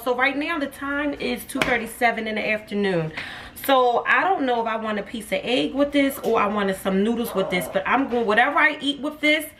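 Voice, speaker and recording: A cooking vlogger with a higher-pitched voice talks casually to her viewers in a home kitchen vlog, calling them "y'all" as she cooks. A phone camera placed some distance away records her, so she sounds far off, with clear background noise.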